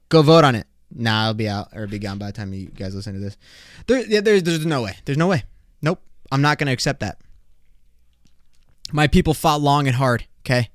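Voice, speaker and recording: A young man hosting a solo podcast, ranting in an excitable, profane, slangy way. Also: medium pitch, no echo, clean studio sound. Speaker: podcast host.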